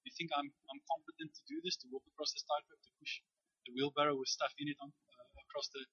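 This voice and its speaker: A man's voice: a little high, level tone, fast, bright, forceful tone, breathy edge, no room sound. A man voicing a male tightrope walker, challenging a crowd like a showman. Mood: teasing challenge. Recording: dull, dry lo-fi recording.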